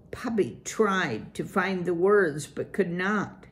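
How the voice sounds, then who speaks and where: A woman reading a children's chapter book aloud at a very slow, unhurried pace. Her voice sits fairly low and stays calm and even throughout the narration.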